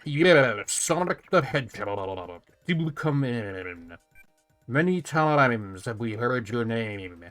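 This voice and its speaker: A man voicing a haughty female alien hive ruler from a video game, reading her lines slowly and solemnly. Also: mid-range voice, animated, a bit bright, soft background music, voice pushed down. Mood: imperious. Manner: slow, solemn, commanding delivery. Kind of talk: reading game dialogue aloud in a voice.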